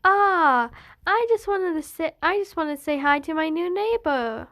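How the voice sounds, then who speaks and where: A woman's voice: extremely high pitch, expressive, a little slow, fairly bright tone, voice pushed up, exaggerated voice. Woman doing a chirpy young guy.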